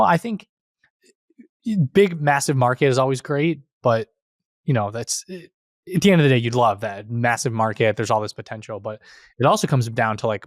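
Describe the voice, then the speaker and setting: A man's voice: medium pitch, dry recording, clean studio sound. A man hosting a podcast, asking rambling questions and correcting himself mid-sentence. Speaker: podcast host. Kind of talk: casual podcast interviewing.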